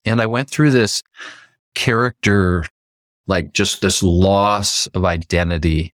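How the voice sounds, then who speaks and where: A man from Canada, a podcast guest, telling a personal story in a lively way and acting out the lines he quotes. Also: slow, no room sound, clean studio sound. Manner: animated, acts out quoted lines with pitch jumps.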